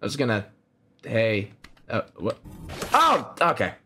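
Young male let's-player, excitable and profane, slightly high and very animated voice, faint game music behind. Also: moderate pace. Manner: excitable, swears, jumps to loud startled yelps; laughs often, talks to characters. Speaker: gaming channel host. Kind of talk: let's play commentary.

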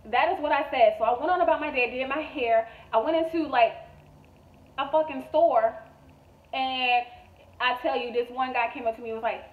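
A woman's voice: high-pitched, fairly quick, recorded from a distance. Woman with a thin, echoey phone-like sound. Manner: emphatic, repetitive, blunt and profane. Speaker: manifestation coach. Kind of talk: motivational vlog monologue.

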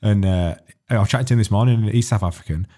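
A man's voice: fairly low pitch, dark tone. A man, co-hosting a podcast in jokey, casual banter and telling small anecdotes. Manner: jokey, storytelling, quick to laugh. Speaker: podcast co-host.

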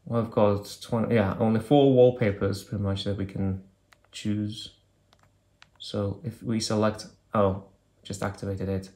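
A man's voice: lowish voice, little pitch movement, unhurried, mellow. A man reviewing an old phone, talking casually and thinking aloud with hesitant fillers as he clicks through menus. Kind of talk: casual hands-on product demo.

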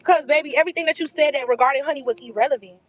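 A woman's voice: high voice, racing. A woman arguing bluntly and profanely on a group phone call. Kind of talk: heated phone call argument. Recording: muffled phone-call audio.

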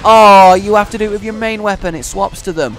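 A man's voice: high voice, fast talker. A young man commenting on his own gameplay in a playful way, mocking and taunting the characters on screen with grand heroic lines. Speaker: gaming YouTuber.

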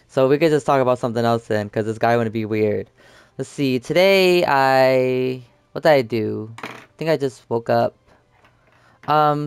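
A young man chats loosely over his game footage, trailing off and restarting his thoughts as he goes. His voice is smooth and clear, recorded dry and close with no room sound. He sits at a middle pitch for a man. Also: dry recording. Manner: rambling, chatty, lots of fillers and restarts. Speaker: gaming YouTuber. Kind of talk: casual gameplay commentary.

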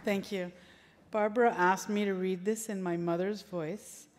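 A woman reading a letter aloud to a convention, gentle and lightly amused. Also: medium pitch, steady tone, measured pace, slight background noise. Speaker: provincial president reading her mother's letter. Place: large convention hall. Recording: long hall reverb.

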